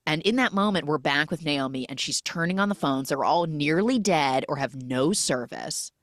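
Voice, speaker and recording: A woman telling a film's plot as casual podcast chatter, her lowish voice rising and falling widely as she acts out bits of dialogue. The sound is close and dry. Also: moderate pace, no echo. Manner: animated storyteller acting out quotes. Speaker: podcast host. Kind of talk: casual film recap.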